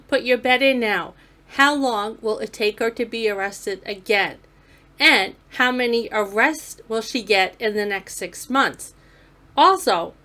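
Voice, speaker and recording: Bright-voiced sarcastic woman commentator. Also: on the high side. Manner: sarcastic, scolding. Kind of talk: mocking voice-over commentary.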